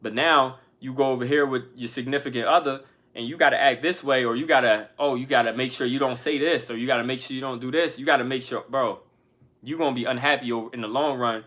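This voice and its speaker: A man's voice: medium pitch, steady tone, fast talker, fairly bright tone. A man who makes music, talking candidly to his viewers in slangy, profane everyday speech. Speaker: music artist and channel host. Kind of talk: casual motivational talk to camera.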